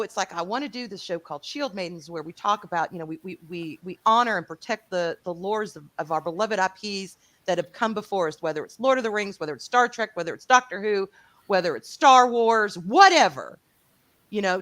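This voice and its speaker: Bright-voiced gushing woman host. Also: medium pitch. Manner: effusive, rambling, laughs often. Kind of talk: livestream panel chat.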